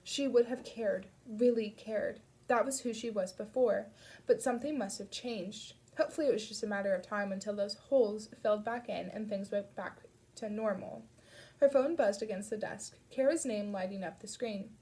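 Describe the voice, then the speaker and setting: A woman reading an audiobook chapter aloud in a steady storytelling manner. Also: mid-range voice, moderate pace. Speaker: audiobook reader. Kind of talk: audiobook narration.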